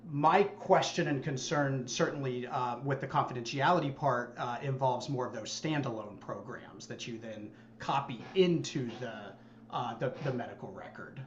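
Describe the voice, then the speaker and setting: A man's voice: mid-range voice, normal speed. A man weighs a concern carefully at a committee meeting. His audio is dull and roomy, with faint background noise. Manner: thoughtful, careful. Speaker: committee member. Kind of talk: meeting discussion.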